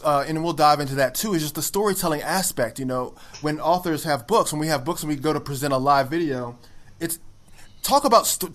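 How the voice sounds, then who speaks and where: A man's voice: on the high side, a bit bright. A man hosting a podcast interview, eagerly picking up his guest's points and asking questions. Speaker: podcast host.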